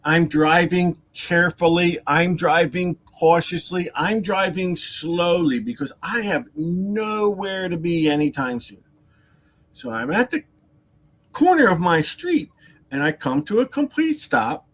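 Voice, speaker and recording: A man spinning an animated, rambling story in casual talk, his pitch bouncing freely over a slightly high voice. He stumbles and repeats himself and adds chatty asides. He puts on other people's lines in a raised voice. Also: measured pace. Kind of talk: casual storytelling on a live stream.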